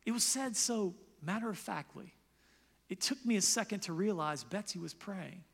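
A man preaching a sermon as pastor, animated, loudly acting out the people he quotes. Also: high voice, normal speed, vocal fry, slightly rough, big-room sound.

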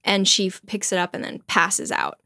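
A young woman co-hosting a casual chat, retelling a play in an animated way and laughing often. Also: medium pitch, moderate pace, gravelly, no echo, clean studio sound. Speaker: podcast co-host.

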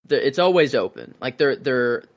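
A relaxed young man talks over a film with a friend. He hesitates and swears casually, and now and then mimics the people in the story. His voice sits in a middle register. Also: medium pitch, moderate pace. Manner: laid-back, swears, hesitant, mimics characters. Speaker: podcast co-host.

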